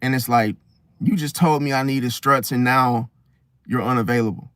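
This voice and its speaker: A man's voice: mid-range voice, moderate pace, fairly bright tone, clear, resonant tone, dry recording, clean studio sound. A man ranting bluntly in a casual monologue as host, swearing and acting out quoted voices. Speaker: astrology channel host.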